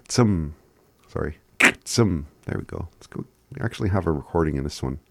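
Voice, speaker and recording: A man giving a casual language lesson, laid-back and chuckling often as he spells words out slowly. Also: rumbling low, creaky, noisy background. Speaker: language teacher.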